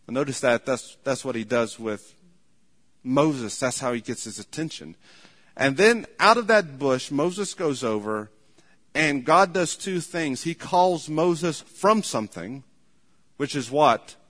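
A man's voice: on the high side, a bit bright. A man preaching a sermon as a pastor, telling stories with acted quotes and repeating words as he goes. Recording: long hall reverb.

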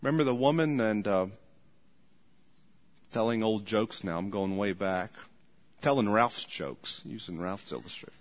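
A man's voice: fairly low pitch, expressive, moderate pace, pauses often. A man preaching a sermon, telling folksy stories, repeating his points and chuckling as he speaks. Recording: long hall reverb.

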